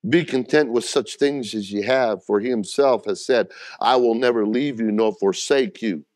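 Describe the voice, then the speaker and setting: A man's voice: mid-range voice, normal speed, darkish tone, dry recording, studio quality. A middle-aged man preaching a sermon as pastor, talking plainly and directly to the congregation and calling for responses.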